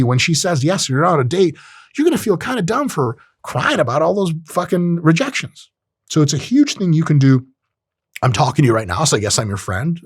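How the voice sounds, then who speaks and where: A man hosting a podcast, talking in a casual monologue, profane and animated, jumping into high-pitched voices. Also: slightly rough, no echo, studio quality. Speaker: podcast host.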